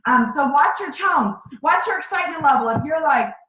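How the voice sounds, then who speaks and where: A woman with a high voice gives her team a pep-talk training over a video call. She talks in a direct, emphatic way that pushes her listeners. The sound is roomy, with echo off the walls. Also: expressive, fairly quick, fairly bright tone. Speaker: sales team leader. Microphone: video call microphone.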